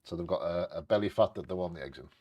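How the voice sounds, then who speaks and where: Lower-voiced man co-hosting a bingo stream. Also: lo-fi sound. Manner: jokey, quick asides between read passages. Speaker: co-host of a live bingo stream. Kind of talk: casual chat and reading out bird facts.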